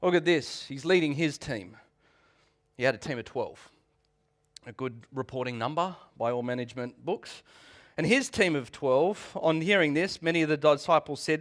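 Man preaching in a casual voice. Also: a little high. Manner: conversational preaching with a rising, animated delivery. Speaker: pastor. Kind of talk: sermon.

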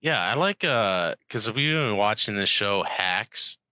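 A man's voice: lowish voice, expressive, slow, sharp tone, smooth, no room sound. A man in laid-back casual chat, agreeing often and talking with lots of filler words.

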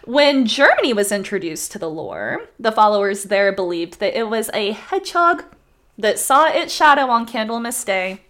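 A woman's voice: a little high, big pitch swings, normal speed, fairly bright tone. A young woman from Idaho, co-hosting a podcast, telling history in a rambling, casual, profane way full of "like". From Idaho, USA. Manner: rambling, profane, says "like" a lot. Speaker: podcast co-host.

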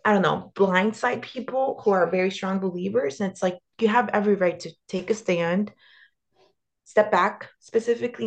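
A woman's voice: lowish voice, creaky. A young woman from the US, co-hosting a podcast in casual chat, blunt and sarcastic and swearing freely. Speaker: podcast co-host.

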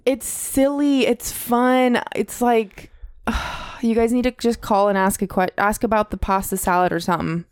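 A woman's voice: on the high side, steady tone, normal speed, clean tone, no echo. A woman co-hosting a podcast in a small recording room, chatting casually and laughing often. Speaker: podcast co-host. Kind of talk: casual chat.

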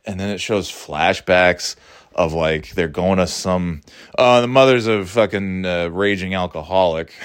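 A man's voice: low voice, unhurried, clear, resonant tone. A middle-aged man hosting a podcast, rambling in casual chat, swearing and mocking himself. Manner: rambling, profane, self-mocking. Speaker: podcast host.

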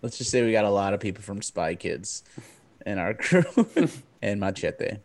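Low-voiced guy chilling on a movie podcast, short laid-back replies. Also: normal speed. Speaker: podcast co-host. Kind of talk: casual movie podcast chat.

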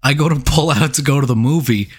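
A New York man co-hosting a podcast tells a long, casual, animated story packed with swearing and laughter. His voice is medium-pitched with a breathy edge, and he speaks fast.

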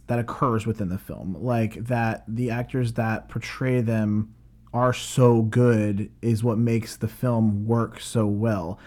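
A man's voice: lowish voice, warm tone. A man giving a casual, rambling film review, full of fillers and restarts.

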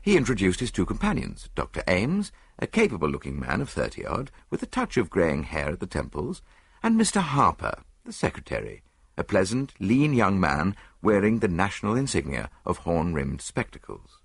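Man, audiobook narration, husky, low, very animated pitch, dry close mic. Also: no room sound. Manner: measured first-person storytelling. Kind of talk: scripted narration.

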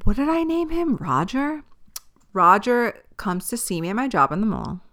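A woman's voice: medium pitch, normal speed. A woman hosting a podcast, telling a personal story casually, with lots of swearing and laughter. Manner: animated, profane, laughs often. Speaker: podcast host.

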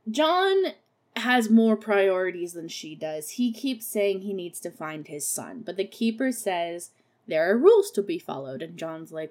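This is a young woman on her podcast, loosely walking through a horror musical she's reviewing. Her medium-pitched recap is sarcastic and casual, full of cursing and little chuckles at her own jokes.

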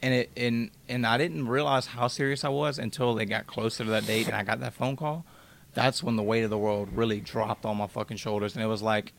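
Gravelly-voiced young man telling a raw story. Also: medium pitch, steady tone, brisk, fairly bright tone, a little hiss or hum. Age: 20s. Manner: blunt and emotional, casual with profanity. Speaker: podcast guest. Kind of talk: candid interview storytelling.

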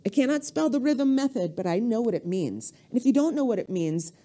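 A middle-aged comedienne rants on a podcast, swearing freely and wandering off on tangents. Her pitch leaps up and down all the time, sitting a little high for a woman. Her tone is warm and mellow rather than sharp. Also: brisk. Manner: animated, profane, rambling, with sudden jumps in pitch. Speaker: comedian guest.

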